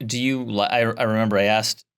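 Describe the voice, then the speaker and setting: A man's voice: lowish voice, fairly even intonation, brisk, fairly bright tone, smooth. A man hosting an interview, mostly giving brief affirmations and asking long, searching questions. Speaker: podcast host. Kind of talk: interview host.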